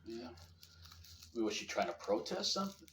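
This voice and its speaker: A man's voice: medium pitch, very animated, moderate pace. A man hosting a casual comedy news podcast, sarcastic and joking. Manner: sarcastic, joking, loud bursts of laughter. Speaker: podcast host. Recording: roomy echo, faint background hum.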